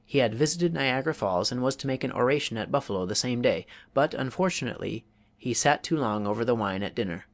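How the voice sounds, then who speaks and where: A man reading a public speaking manual aloud as an audiobook, in a measured, deliberate way with pauses. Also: mid-range voice, expressive. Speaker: audiobook reader.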